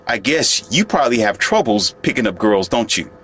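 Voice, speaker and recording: A man's voice: on the low side, very animated, normal speed, fairly bright tone, slightly rough, exaggerated voice. A man mimicking a haughty dismissive young woman. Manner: mocking, condescending taunts.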